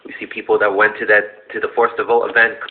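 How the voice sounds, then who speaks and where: Low-voiced man hosting a show. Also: flat delivery, fast, a little hiss or hum. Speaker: show host. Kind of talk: casual show commentary played as a clip. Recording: tinny phone-like audio.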